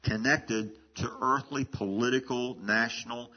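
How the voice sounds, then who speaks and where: A man delivers a verse-by-verse sermon in a relaxed, conversational teaching voice, circling back and restarting phrases as he explains. His voice sits at an ordinary pitch with a husky edge. The recording is muffled and lo-fi, with the top end dulled. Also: a little slow. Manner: conversational teaching with frequent restarts and repeated words. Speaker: pastor. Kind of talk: expository sermon.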